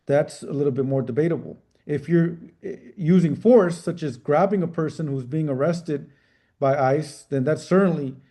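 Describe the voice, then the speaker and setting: A middle-aged man, a trial attorney, answering interview questions in a measured, careful way with frequent restarts. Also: fairly high pitch, mellow. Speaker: civil rights trial attorney.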